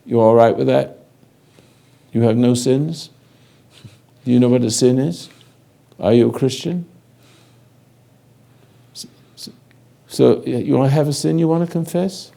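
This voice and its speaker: An older man giving a slow, halting spiritual lecture, speaking directly to a listener in a commanding way. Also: medium pitch, creaky, dark tone. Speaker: spiritual teacher.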